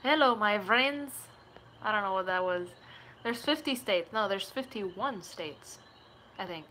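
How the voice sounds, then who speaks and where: A woman's voice: medium pitch, measured pace, fairly bright tone, a little hiss or hum, rough recording. A young woman from Puerto Rico chatting casually with her viewers on a live stream, her voice a little sore and tired from talking for hours. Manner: reads chat questions and answers offhand, tries joke accents.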